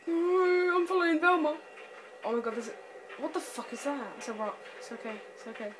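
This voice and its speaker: Here the young woman's voice is high, steady in tone and brisk. She's playing a horror game with friends in a casual let's-play, frightened and jumpy, with screams and nervous laughs, captured on a noisy home recording.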